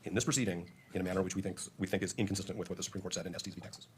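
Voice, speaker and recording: A male defense attorney arguing in court in a measured, formal way, heard from a courtroom feed. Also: sits low, fairly even intonation, a little hiss or hum. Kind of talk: courtroom argument.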